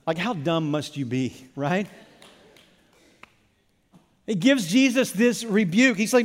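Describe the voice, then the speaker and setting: A male pastor delivers a sermon with a high-pitched voice, pressing his points through repetition and stammered restarts. His words ring out with a long hall reverb behind them. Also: expressive, unhurried.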